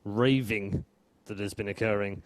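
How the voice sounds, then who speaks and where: A man's voice: lowish voice, fairly even intonation, a little slow, very noisy. A man giving esports play-by-play commentary, wry and bantering.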